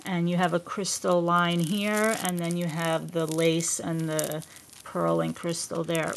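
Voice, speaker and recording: A woman's voice: fairly low pitch, flat delivery, measured pace, vocal fry, slight background noise. A woman vlogger chatting casually to the camera at home, gushing and effusive and often trailing off mid-sentence. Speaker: craft vlogger unboxing gifts.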